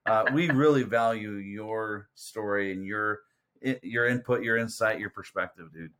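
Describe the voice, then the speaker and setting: A man's voice: on the low side, a little slow, fairly bright tone. A man hosts a casual podcast chat. He sounds friendly and enthusiastic as he thanks his guest. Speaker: podcast host.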